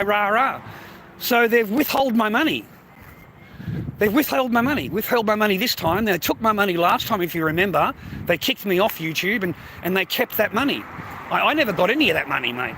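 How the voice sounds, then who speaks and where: A man rambles bluntly and profanely into his phone as he walks along a city street on a live stream. His voice sits high and sounds bright and sharp. Faint traffic noise hums behind him.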